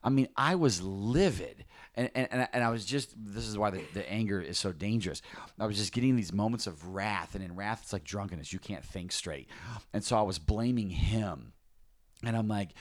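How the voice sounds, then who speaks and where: A man's voice: lowish voice, normal speed, dry recording, clean studio sound. A man who leads a ministry, talking candidly about prayer, rambling and restarting with self-mocking asides. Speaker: ministry leader and podcast co-host. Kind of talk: casual faith talk.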